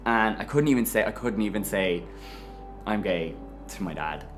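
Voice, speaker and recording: A man with an Irish accent, telling his own story to camera in a frank, animated way. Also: fairly low pitch, normal speed, faint music behind. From Ireland. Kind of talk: personal testimony to camera.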